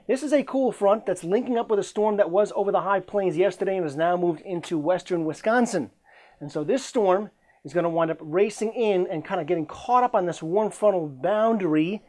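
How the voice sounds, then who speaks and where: Chatty, jokey male weather forecaster. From Central New York. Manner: chatty, jokey, energetic delivery with pitch swings. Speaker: meteorologist.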